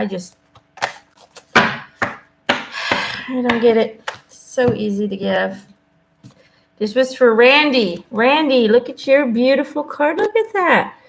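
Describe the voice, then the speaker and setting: A woman doing a live angel card reading, speaking gently and reassuringly and often checking in with "okay?" and "you know?". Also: a little high, creaky, noisy background. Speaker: intuitive angel card reader. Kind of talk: live card reading, casual spoken guidance.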